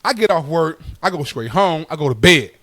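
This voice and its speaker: An animated young man telling a stand-up story with a bright, forceful edge and a slightly high voice. He talks loosely with lots of fillers and cracks up at his own jokes, recorded close and dry with no room sound. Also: brisk, no echo. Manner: loose casual talk with many fillers. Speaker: stand-up comedian.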